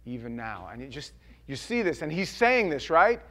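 A man preaching a sermon in a casual, folksy way, shifting from quiet asides to loud, emphatic scripture readings. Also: fairly high pitch, sing-song, moderate pace. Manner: conversational, folksy preaching with slang.

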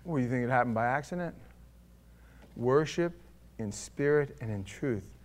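A man preaching a sermon as pastor, conversational and wry, swinging between loud bursts and hushed asides. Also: medium pitch, lively intonation, normal speed.

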